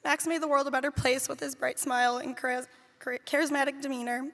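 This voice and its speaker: A woman's voice: high-pitched, fairly even intonation, fast, a bit bright. A woman who cared for two children gives a read memorial speech, tender and fond as she tells their stories. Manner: heartfelt, tender, fond storytelling. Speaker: nanny giving a eulogy. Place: large theater hall. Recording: long reverb of a large hall.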